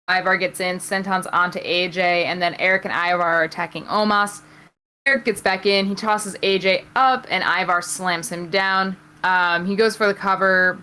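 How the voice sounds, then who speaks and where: A woman co-host talks through a wrestling match blow by blow in relaxed podcast chat. Her voice is bright and forward, and she fills pauses with ums as she goes. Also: medium pitch, rough recording. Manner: play-by-play retelling with many ums. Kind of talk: casual podcast chat, recapping a wrestling show.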